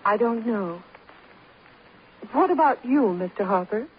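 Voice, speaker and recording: An actress playing a grieving wife who speaks in a quiet, measured, icy way in an old radio drama. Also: female voice, on the high side, animated, slight background noise. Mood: cold. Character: grieving wife of an accused man, coldly vengeful. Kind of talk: 1940s radio acting. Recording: muffled old radio broadcast.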